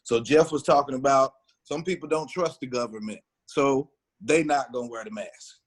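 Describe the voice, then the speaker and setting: A man's voice: medium pitch, moderate pace. A man in a casual group podcast chat, explaining his point in a reflective way.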